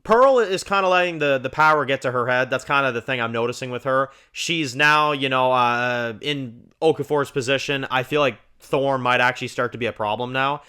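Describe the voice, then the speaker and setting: A man talks through a TV episode on his own review channel in a loose, rambling flow, padding his thoughts with "you know" and stumbling restarts. His voice is bright and forward, of ordinary pitch for a man. He livens up when he retells scenes. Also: moderate pace, few pauses, clean tone. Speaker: TV show reviewer, channel host.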